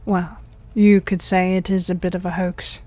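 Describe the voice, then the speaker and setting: A woman's voice: medium pitch, unhurried, a little mellow, lightly acted. A woman voicing a sly male alien disguised as an office boss, speaking in a sinister, mocking tone.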